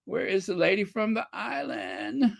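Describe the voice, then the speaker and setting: A woman born on a Caribbean island hosts a live stream, talking slowly with lots of rise and fall in her voice. She is chatty and excitable, thanking viewers as she goes. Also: mid-range voice, gravelly. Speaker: livestream host. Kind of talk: casual livestream chat.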